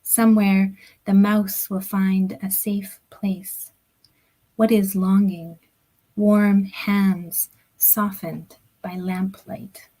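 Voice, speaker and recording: Woman, middle-aged, poet, unhurried poetry reading, measured phrasing, soft near-whispers, video call mic. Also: medium pitch, little pitch movement, low-quality recording. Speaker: poet reading her own work. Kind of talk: poetry reading at a book launch. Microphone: computer or headset mic on a video call.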